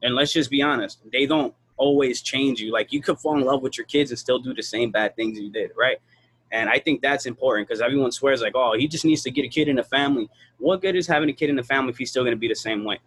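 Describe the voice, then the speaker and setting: A man talking bluntly and profanely in a casual podcast chat, telling animated stories about his kids. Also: mid-range voice, fast talker, breathy edge, no room sound.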